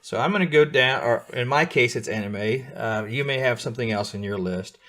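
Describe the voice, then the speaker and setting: A man's voice: medium pitch, fairly quick, fairly bright tone. Patient man teaching a coding class. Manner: patient, checks in often with students. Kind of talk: live beginner coding lesson.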